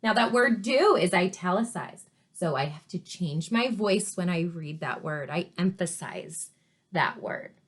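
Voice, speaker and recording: A woman teacher reading a storybook to children, pausing to ask questions and explain words. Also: lowish voice. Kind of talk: read-aloud story lesson for children.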